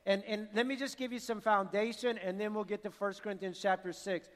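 A man preaching a sermon as pastor, earnest and repeating himself, building to forceful appeals. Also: high voice, steady tone, brisk. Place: church sanctuary. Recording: long hall reverb.

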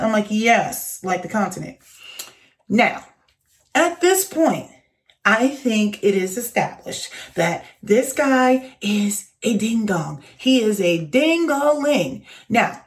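A young woman casually telling an exasperated workplace story to her channel, acting out the voices of the people in it. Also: medium pitch. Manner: animated, exasperated, acts out quoted voices.

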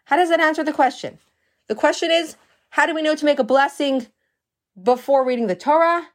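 A woman's voice: high voice, a little fast. A woman giving a Torah lesson. She reads Hebrew passages aloud, translates them line by line, and explains them with stories and questions. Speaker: Torah teacher.

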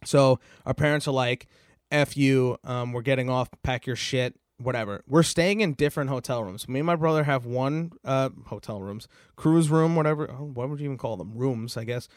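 A man's voice: mid-range voice, moderate pace, no echo, clean studio sound. A young man hosting a podcast, telling a long personal story in a rambling, casual way, full of fillers and swearing. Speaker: podcast host.

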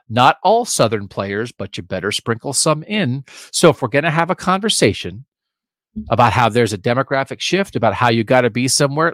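A man's voice: fairly low pitch, fairly bright tone, no room sound, studio quality. A man co-hosting a sports podcast, giving emphatic, opinionated talk with sarcastic asides.

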